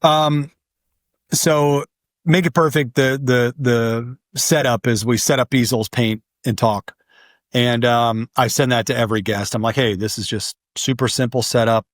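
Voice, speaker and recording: A man's voice: medium pitch, no room sound, clean studio sound. A man in his forties, a podcast guest, talking casually and rambling, with many filler sounds. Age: 40s. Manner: relaxed, rambling, many ums. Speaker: guest, artist and podcast host. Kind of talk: casual conversation.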